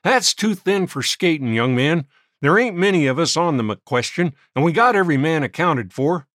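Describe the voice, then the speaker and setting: A man voicing a gruff, domineering frontier miner acting as judge, speaking bossily. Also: a little high, very animated, normal speed, fairly bright tone, no echo, clean studio sound, voice pushed up. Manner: gruff, bossy.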